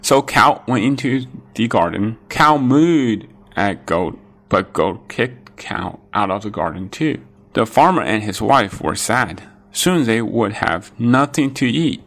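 A man narrating a children's storybook with a sing-song, expressive delivery. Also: medium pitch, slow pace.

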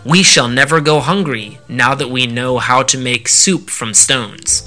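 A man's voice: medium pitch, unhurried, sharp tone, soft background music. A man voicing simple, eager village peasants who speak with earnest wonder. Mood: grateful.

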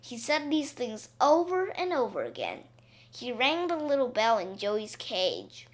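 A woman reading a children's story aloud, slowly and expressively. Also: a little high. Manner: slow, expressive read-aloud.

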